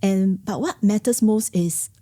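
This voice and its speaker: A woman, calmly giving parenting advice on a podcast panel. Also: medium pitch, unhurried. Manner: calm, advisory explaining.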